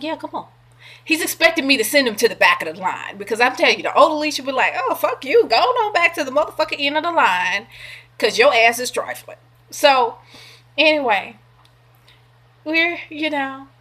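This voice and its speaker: Brief: middle-aged woman, casual vlog storytelling, animated and salty. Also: fairly high pitch. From California. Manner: animated, profane, acts out quoted voices. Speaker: vlogger.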